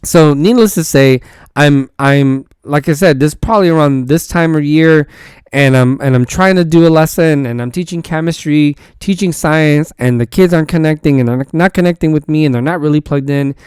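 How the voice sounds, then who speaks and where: A man's voice: fairly high pitch, normal speed, darkish tone, smooth, dry recording, studio quality. A man who is a teacher and podcast host, telling a story in a rambling, casual way with many false starts and repeated words.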